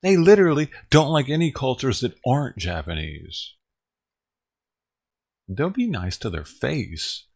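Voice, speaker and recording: A man's voice: medium pitch, very animated, a little slow, creaky, pauses often, breathy edge. A man ranting on his own livestream, talking casually and profanely, rambling and chuckling as he goes. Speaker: livestream streamer.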